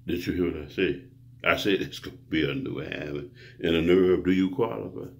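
A self-styled preacher with a low, creaky voice speaks briskly in a rambling monologue to his viewers. He's grandiose and profane, lecturing the listener.

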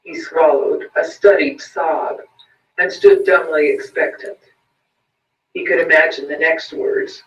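A man reading a short story aloud in a measured, deliberate way. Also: on the high side, steady tone, a bit bright, a little hiss or hum. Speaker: story reader. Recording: roomy, distant, muffled recording.

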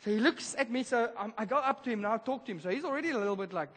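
A man preaching a sermon, telling a story in a lively, casual way with slang. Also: very high voice, very fast, slightly rough. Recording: reverberant church hall.

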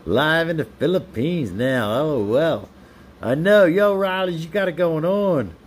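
A man with a slightly high, expressive voice chats unhurriedly on a live stream, reading viewer comments aloud and teasing back playfully. There is slight background noise.

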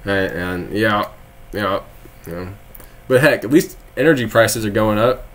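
A man's voice: lowish voice, a little slow, a bit bright. A young man from Texas, live-streaming and chatting casually with viewers, rambling with frequent laughs and sarcastic asides.

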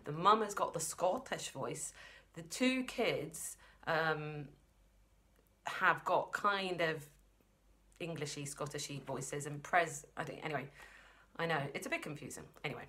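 A woman librarian reading a children's book aloud, expressive and chatty, stopping for asides. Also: low-pitched, unhurried. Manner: lively, expressive storytelling with asides.

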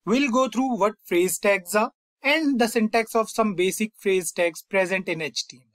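A young man hosting a coding tutorial, calmly walking through each step and often saying "fine" and "over here". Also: high-pitched, moderate pace, no echo. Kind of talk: screen-recorded coding lesson.

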